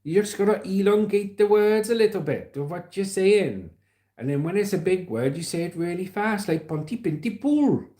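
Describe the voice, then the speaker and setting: A man's voice: sits high, expressive, normal speed, mellow, echoey room, pitched above the performer's own voice. A man putting on a playful Welsh accent, drawing out his vowels in a lilting, sing-song way.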